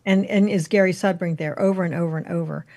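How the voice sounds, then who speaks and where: A woman's voice: on the low side, steady tone, quick pace, darkish tone. Hesitant, musing woman investigator. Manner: musing, hesitant, with frequent restarts. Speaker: UFO investigator guest. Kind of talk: casual interview chat.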